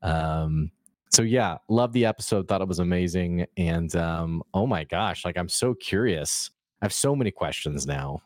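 A young man with a low voice chats eagerly on his podcast, tripping over his words as he talks. The sound is dry and close, with no room around him. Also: moderate pace, no room sound. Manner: excitable, stammering chat. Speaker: podcast co-host. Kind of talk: casual discussion.

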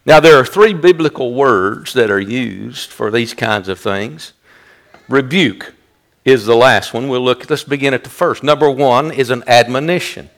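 A man pastor preaching a sermon, rising loud and high when he quotes a rebuke. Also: measured pace.

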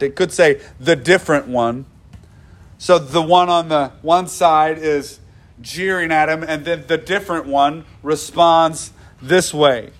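A male preacher speaks slowly and deliberately, leaving room between his phrases. His voice sits a little high for a man, and he doubles back on key words to press them home. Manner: earnest, repeats phrases for emphasis. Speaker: pastor. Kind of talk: sermon.

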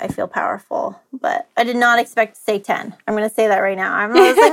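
A woman's voice: medium pitch, normal speed, vocal fry, hardly any pauses. A woman talking candidly as a podcast guest, open and emotional, rambling with restarts and the odd curse. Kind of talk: candid casual chat.

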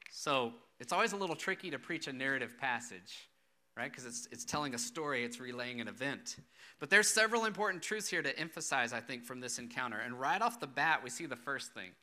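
Bright-voiced preacher man, conversational. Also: mid-range voice, expressive, brisk. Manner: conversational, asks the listeners rhetorical questions. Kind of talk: sermon with scripture reading.

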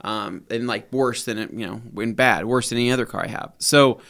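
Podcast co-host, male, mid-pitched and smooth, rambling storyteller. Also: brisk. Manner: rambling, animated storytelling with fillers. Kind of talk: casual chat.

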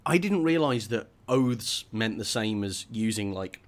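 Chatty man, animated book chat. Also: fairly low pitch, a little slow. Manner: animated, chatty, laughs often, acts out characters. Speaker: podcast co-host. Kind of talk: casual book discussion.

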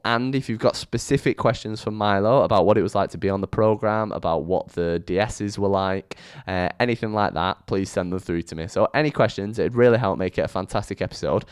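A man's voice: fairly low pitch, smooth, dry recording, clean studio sound. Chatty man hosting a podcast. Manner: chatty, rambling, lively intonation. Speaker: podcast host. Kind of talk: casual solo podcast monologue. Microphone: studio microphone.

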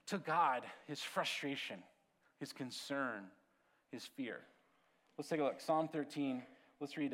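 A man preaching a sermon as pastor, conversational and animated, swinging from lively storytelling to quiet, hushed asides. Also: mid-range voice. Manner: conversational, animated storytelling with sudden drops to a hush.

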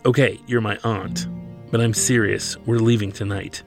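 A man reading the lines of a young orphaned inventor, speaking softly and earnestly. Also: lowish voice, fairly even intonation, moderate pace, creaky, music in the background. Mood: determined. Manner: soft, heartfelt.

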